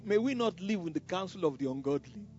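Man, pastor, sermon, swooping lively pitch, faint music behind. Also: fast talker. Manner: animated storytelling preacher, full of "you know" asides, stammers. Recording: dull lo-fi sound with faint music.

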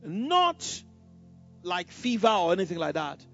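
Man, pastor, sermon, swooping lively pitch, faint music behind. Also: measured pace. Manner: animated storytelling preacher, full of "you know" asides, stammers. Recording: dull lo-fi sound with faint music.

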